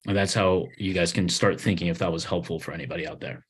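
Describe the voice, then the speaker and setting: A man's voice: sits low, fast, slightly rough. A man co-hosting a livestream, talking in a blunt, profane, motivational way. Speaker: podcast co-host, agency owner. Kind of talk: casual livestream chat.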